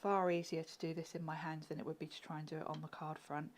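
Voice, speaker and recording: A woman's voice: sits low, level tone, fast. A woman chatting and giggling through a live card-making demonstration, often dropping to a murmur as she works. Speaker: craft demonstrator.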